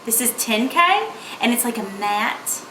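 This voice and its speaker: Young woman, playful makeup tutorial chat, bright voice, roomy echo. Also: fairly high pitch, fairly even intonation, measured pace, a little hiss or hum. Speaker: beauty vlogger. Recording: echoey room.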